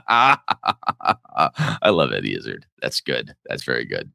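Podcast co-host, male, very low and bright voice, dry close sound, rambling casual talk. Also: huge pitch swings, unhurried, gravelly, no echo. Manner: rambling, thinks aloud with restarts. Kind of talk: casual chat about role-playing games.

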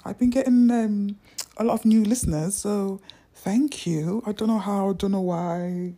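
A young woman rambles in a slow, unhurried vlog from home, recorded on her phone. Her voice is low, dark and gravelly, with a husky edge, and she often sinks into whispers and self-mocking asides. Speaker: vlogger. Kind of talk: casual unedited vlog.

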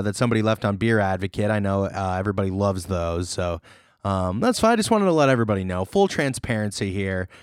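A man co-hosting a podcast in casual chat, jokey and animated, laughing often. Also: on the low side, clear, resonant tone, no echo, studio quality. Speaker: podcast co-host.

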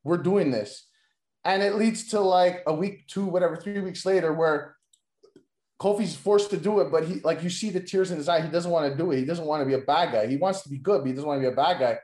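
A man in a casual chat, pitching wrestling storylines in a rambling way, with constant fillers and free swearing. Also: quick pace, darkish tone. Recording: roomy echo.

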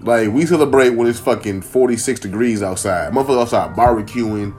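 A man's voice: mid-range voice, fairly quick, darkish tone. A man from Minnesota hosting a casual solo podcast from home, loose, profane, rambling and joking. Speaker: podcast host.

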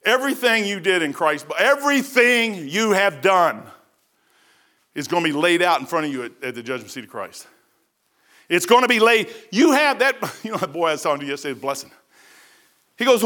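A man pastor preaching a folksy, emphatic sermon that breaks into shouts. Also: high voice, lively intonation, a little fast.

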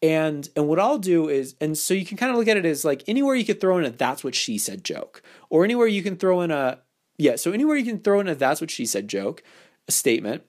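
A man hosting a podcast, talking in a loose, playful way and slipping into little acted-out lines. His voice sits a bit high and swings widely in pitch. He restarts his sentences often. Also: sing-song, fast. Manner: playful, acts out quoted lines, many restarts. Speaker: podcast host. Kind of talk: casual advice podcast monologue.

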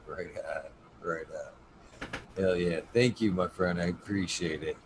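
A man's voice: low-pitched, creaky. A man hosting a long livestream show, talking casually, swearing often and chuckling as he signs off. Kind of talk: casual chat. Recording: noisy background hiss.

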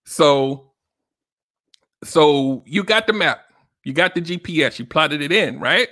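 A man's voice: fairly high pitch, expressive, takes it slowly, sharp tone, dry recording, clean studio sound. A man hosting a solo relationship-advice podcast, talking casually and directly to listeners, often checking in with "right?". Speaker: podcast host.

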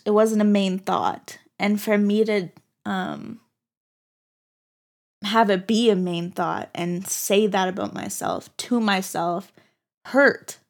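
A young woman talks alone into her podcast mic, slowly and with a gravelly fry in her voice. She speaks candidly, stopping and restarting as she searches for words, and at times she is near tears with her voice breaking. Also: mid-range voice. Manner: candid and halting, many fillers and restarts. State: tearful, voice breaking. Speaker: podcast host. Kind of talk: solo podcast monologue.

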